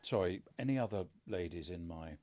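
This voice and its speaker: A middle-aged father from England telling family stories in a measured, dryly humorous way. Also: sits low, expressive, warm tone. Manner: dry understated humour, measured storytelling. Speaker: podcast co-host, father. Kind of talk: casual conversation.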